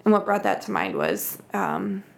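Creaky-voiced woman sharing a faith story. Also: rumbling low, wildly swooping pitch, normal speed, a little hiss or hum. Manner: reflective storytelling, acts out quoted voices. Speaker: podcast co-host. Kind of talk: casual faith conversation.

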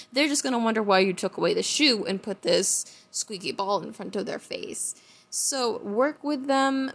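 A young woman who trains dogs talks through a casual how-to vlog. Her voice sits a little high, and she speaks in a chatty, emphatic way, often laughing briefly mid-sentence. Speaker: dog trainer.

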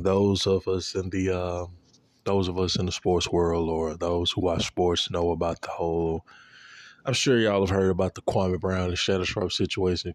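Young male vlogger, low voice, dry close sound, loose slangy rambling with lots of cursing. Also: dry recording. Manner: loose, profane, full of fillers and slang. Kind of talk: casual rambling storytelling.

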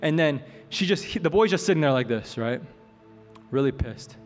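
A man preaching a sermon as a pastor, telling a story in a relaxed, joking way. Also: a little high, normal speed. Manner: conversational, joking asides. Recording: long hall reverb, soft music.

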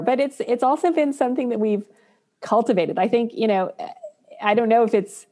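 A woman's voice: a little high, normal speed, mellow. Woman guest, co-founder, casual and earnest, reflective tone. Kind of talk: casual interview chat.

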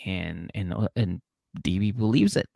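A man's voice: low voice, normal speed, gravelly, mellow, no room sound, clean studio sound. A man co-hosting a podcast, joking through a casual reality-show recap and laughing often. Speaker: podcast co-host.

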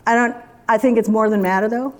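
A woman's voice: fairly high pitch, fairly even intonation, fairly quick, a little mellow. A woman preaching a sermon in a conversational, emphatic way, full of rhetorical questions.

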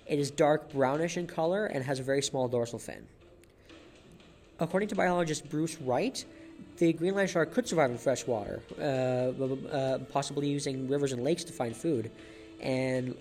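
Speaking at medium pitch with a darkish tone, a man runs a solo podcast episode, relaying facts in an easygoing way. He often trips over his words, starting sentences again and repeating himself, and laughs at his own jokes.

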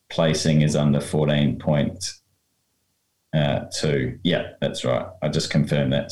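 A man co-hosting a podcast in casual chat, measured and checking himself out loud. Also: a bass voice, roomy sound. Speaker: podcast co-host, rules expert.

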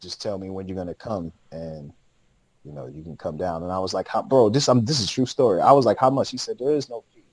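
A man's voice: fairly low pitch, lively intonation, fast, gravelly, no room sound, low-quality recording. A man, a podcast guest, telling a long story in casual, slangy speech with lots of laughter.

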